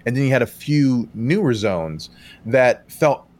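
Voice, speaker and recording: A man co-hosting a podcast, talking about video games in a casual, animated way, laughing often and breaking into loud outbursts when he quotes himself. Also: medium pitch, measured pace. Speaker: podcast co-host. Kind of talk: casual game talk.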